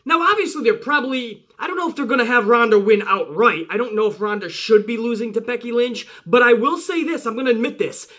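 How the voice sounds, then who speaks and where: High, bright-voiced hyped-up male reviewer. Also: fast talker, few pauses. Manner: profane, emphatic, hype-driven. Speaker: wrestling show reviewer. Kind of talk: excited casual video commentary.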